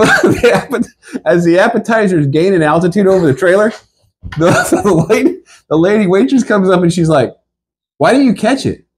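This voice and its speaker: A man telling a rambling, animated comic story, laughing through it and acting out the people in it. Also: a little high, a little hiss or hum.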